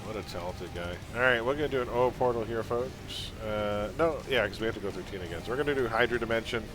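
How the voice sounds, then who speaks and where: A man's voice: fairly low pitch, fast, music in the background. A man chatting casually while live-streaming a game, laughing often and drifting into pop-culture tangents.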